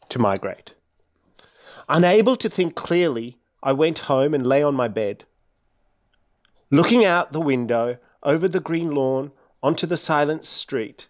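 A man from India, an author, talking in an interview and then reading steadily from his own memoir. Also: a little high.

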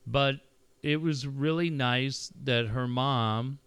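Middle-aged male podcast host, frank and profane, with a crisp, bright voice in a dry, close room. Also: mid-range voice, slow pace, no echo. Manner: candid, profane, reflective storytelling. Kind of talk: casual conversation.

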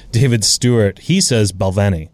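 A man's voice: on the low side, a little slow, no room sound. A man talking easily and graciously as a guest on a casual chat show. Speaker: guest, whisky brand representative.

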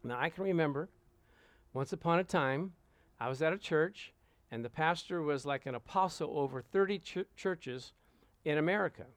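A man preaching to a congregation, telling a lively anecdote and acting out the voices of the people in it. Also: fairly high pitch, normal speed, no echo. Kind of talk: storytelling sermon to a congregation.

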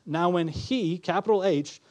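A man with a slightly higher-than-usual voice preaches a sermon before his congregation. He is earnest and repeats key phrases, often asking the listeners questions as he teaches. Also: a little slow, darkish tone. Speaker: pastor.

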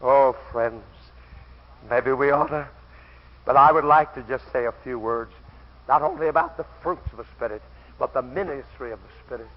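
A man preaching a fervent camp-meeting sermon who bursts into shouted exclamations. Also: mid-range voice, moderate pace. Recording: dull lo-fi old sermon recording.

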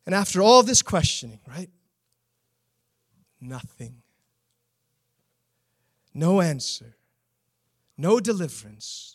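Man preaching, fairly high voice, earnest, keeps asking the room questions. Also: animated, a little slow, long pauses. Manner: earnest, rhetorical questions to the congregation. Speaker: pastor. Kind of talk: sermon.

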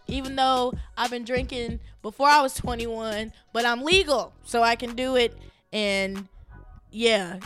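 Thirty-something woman doing her home podcast, kinda high voice, chatty and lively, little bit of music behind her. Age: 30s. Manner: chatty and animated, laughing, sudden loud pitch jumps for quoted thoughts. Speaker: podcast host. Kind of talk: casual solo podcast chat.

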